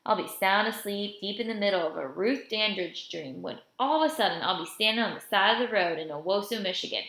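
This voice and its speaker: A woman's voice: mid-range voice, brisk, gravelly, fairly bright tone. A woman reading the part of a joking, fatherly older man who drives a car, in a storybook reading. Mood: teasing. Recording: roomy echo.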